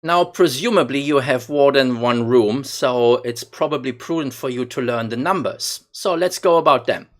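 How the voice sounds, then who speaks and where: A man teaching phrases in a slow, deliberate instructional voice-over, repeating lines for learners. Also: medium pitch. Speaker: language teacher.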